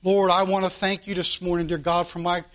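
A man's voice: sits high, little pitch movement, brisk, a bit bright. A man, a pastor, praying aloud from the pulpit in a fervent church service, punctuating his phrases with repeated calls to the Lord. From United States. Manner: repetitive, calling "Lord" and "dear God" between phrases. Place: church sanctuary.

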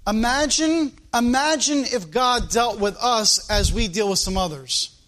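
A preacher from the United States delivering a sermon, emphatic and full of rhetorical questions and repeated phrases. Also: male voice, very high-pitched, unhurried, a bit bright.

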